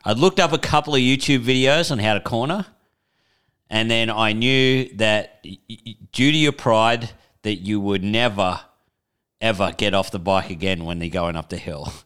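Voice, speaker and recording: A young man co-hosting a podcast, relaxed and teasing, laughing often. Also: on the low side, moderate pace, smooth. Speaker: podcast co-host. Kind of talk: casual chat.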